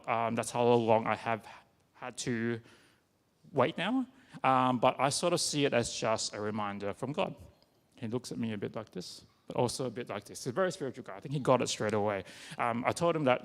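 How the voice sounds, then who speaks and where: A man giving a personal sermon, talking conversationally with halting restarts and many fillers. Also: mid-range voice, vocal fry. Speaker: preacher. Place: church. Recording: long reverb of a church hall.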